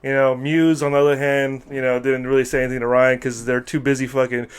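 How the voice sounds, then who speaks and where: A man's voice: medium pitch, level tone, fast talker, clean tone. A young man co-hosting a podcast in loose, profane casual chat, dropping "dude" into most lines. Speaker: podcast co-host.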